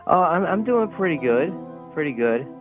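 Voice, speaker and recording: Dude calling in, laid back and rambly, sounds like a phone line with music behind it. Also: male voice, on the high side, big pitch swings, normal speed. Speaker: caller.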